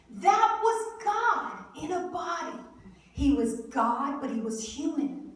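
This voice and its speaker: A woman preaching an Easter sermon, telling the story in an animated way and acting out the lines of the people in it. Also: high-pitched. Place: church hall. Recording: echoey hall, mic at a distance.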